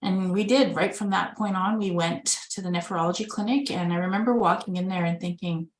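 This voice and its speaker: Speaking briskly in a lowish, steady voice, a woman from Winnipeg, Manitoba, Canada—a caregiver who advocates for organ donation—tells her personal story in a webinar via video call, earnestly and conversationally, voicing remembered dialogue. The echoey room recording carries a little hiss or hum.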